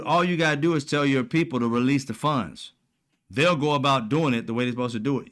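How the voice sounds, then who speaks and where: A man's voice: medium pitch, fairly bright tone. A man hosting casual political commentary, talking bluntly with profane slang and a mocking, sarcastic edge. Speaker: commentary channel host.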